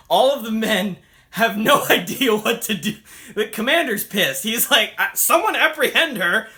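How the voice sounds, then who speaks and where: A man's voice: high voice, expressive, measured pace, bright, forceful tone. A man reviewing a comic book in a chatty, upbeat way, acting out the characters' lines as he retells the story. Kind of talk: casual spoken review.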